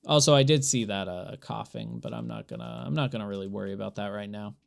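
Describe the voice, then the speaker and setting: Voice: sits low, big pitch swings, quick pace, creaky. A streamer chatting to viewers during a live gameplay stream, rambling and exasperated, laughing often. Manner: exasperated, rambling, talks to chat while playing.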